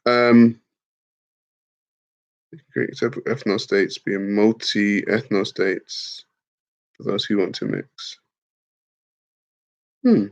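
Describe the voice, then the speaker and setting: A man's voice: on the low side, steady tone, drawn-out words, creaky, long pauses. A young man chatting casually on a livestream, reading out viewer comments in a loose, slangy manner with some swearing. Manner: laid-back, slangy, swears, laughs at comments. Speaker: livestream host. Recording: dull lo-fi stream audio.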